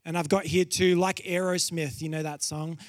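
A man preaching a sermon, telling stories with lively acted-out quotes and dropping low and quiet for solemn points. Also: moderate pace, dry recording, clean studio sound. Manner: animated storytelling, acts out quotes with laughs.

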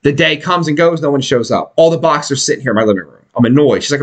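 Podcast host, male, high and very animated voice, swears through a loose story; casting note: lively raconteur. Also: fast, hardly any pauses. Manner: animated, swearing, puts on voices for people he quotes. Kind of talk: casual profane storytelling.

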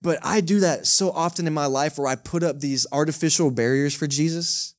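A man's voice: on the high side, brisk. A male pastor, preaching a sermon in a conversational, joking way and often checking in with the congregation. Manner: conversational, joking, keeps asking the congregation "right?". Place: church service held in a cinema.

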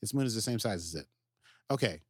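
A man with a fairly low voice talks through a TV episode in relaxed podcast chat, getting excited and jumping high when the plot turns. The sound is dry and close, with no room around him. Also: quick pace, slightly rough, dry recording. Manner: animated, jumps into quoted character voices. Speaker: podcast co-host. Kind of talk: casual recap chat.

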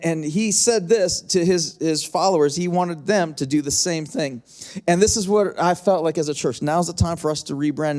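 Middle-aged male pastor, high voice, conversational preaching with soft music underneath. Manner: conversational preaching, repetitive phrasing, stretches key lines slowly. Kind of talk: sermon.

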